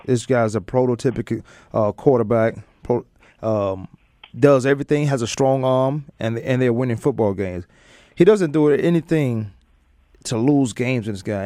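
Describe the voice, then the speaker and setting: A man's voice: mid-range voice, normal speed, mellow, no room sound. A man hosting a live sports talk show, chatting loosely and joking, with lots of fillers and restarts. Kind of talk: casual sports radio chat.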